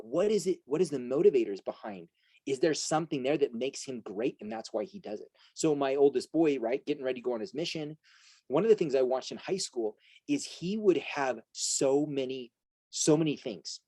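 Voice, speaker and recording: A man's voice: medium pitch, dark tone, husky, no room sound, rough recording. A middle-aged man giving an earnest motivational talk to an audience as a coach and host, often asking rhetorical questions. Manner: earnest, rhetorical questions, frequent "right?" asides.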